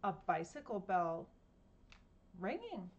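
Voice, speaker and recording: A woman's voice: mid-range voice, wildly swooping pitch, slow pace, muffled recording. A woman reading a picture book aloud to children at home, playfully imitating sounds and asking her listeners questions. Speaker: storytime reader.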